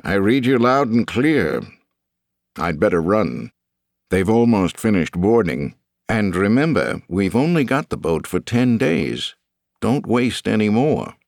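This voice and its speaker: A man voicing a weary, restrained man in an audiobook, talking in a flat, held-back way. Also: lowish voice, a little slow, vocal fry, no room sound, clean studio sound, voice pushed up, full character voice. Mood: forced cheer.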